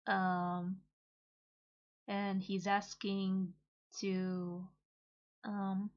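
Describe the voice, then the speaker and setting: Halting slow-talking woman. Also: mid-range voice, little pitch movement, muffled recording. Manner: hesitant, halting, many pauses and fillers. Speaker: manga reader and translator. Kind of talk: casual reading and translating.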